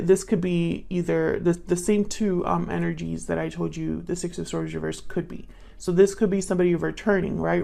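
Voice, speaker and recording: Gravelly-voiced woman reading tarot. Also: fairly low pitch, a little mellow. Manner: thinks aloud, muttering questions to the cards. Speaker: tarot reader. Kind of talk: casual tarot reading to camera.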